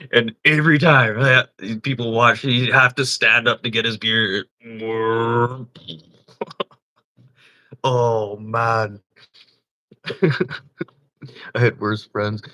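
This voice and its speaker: A man's voice: mid-range voice, steady tone, extremely slow, long pauses, pushed and bright, poor audio. A man hosting a livestream, chatting casually and telling rambling, profane stories while laughing often. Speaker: livestream host. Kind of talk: casual storytelling chat.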